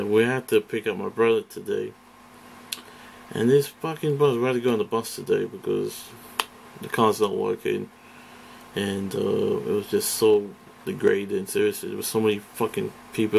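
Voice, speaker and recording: Low gravelly man ranting profanely. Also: level tone, normal speed, darkish tone, a little hiss or hum. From Britain. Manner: profane, rambling, hesitant. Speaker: vlogger. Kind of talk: casual vlog rant. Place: indoors, face off camera.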